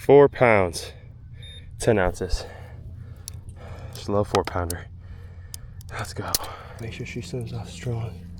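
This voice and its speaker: Excitable male fishing vlogger outdoors. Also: on the low side, takes it slowly, long pauses. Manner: excitable, keeps exclaiming, breathless bursts. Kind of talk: casual outdoor vlog commentary. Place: outdoors by the water.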